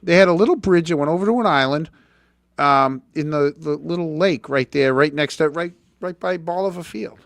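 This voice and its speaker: A middle-aged man hosting a casual chat, telling stories in an animated way and repeating words when he gets going. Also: a little high, normal speed, vocal fry, no echo. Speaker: host.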